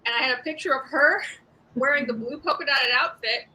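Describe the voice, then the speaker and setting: Bright, high-voiced sarcastic woman comic. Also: fairly quick, slight background noise, rough recording. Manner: sarcastic, rambling, conversational. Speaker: stand-up comedian. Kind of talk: live-streamed stand-up set.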